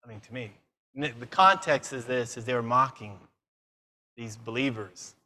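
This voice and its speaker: Brisk bright-voiced man preaching. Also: mid-range voice. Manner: lively, fires questions at the audience; self-mocking asides. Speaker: conference speaker. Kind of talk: conference sermon.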